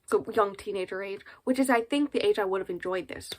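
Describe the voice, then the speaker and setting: A twenty-something woman with a mid-range, darkish voice chats fast and casually in her book vlog. She rambles, full of fillers and little laughs, talking into a camera set up in front of her at home.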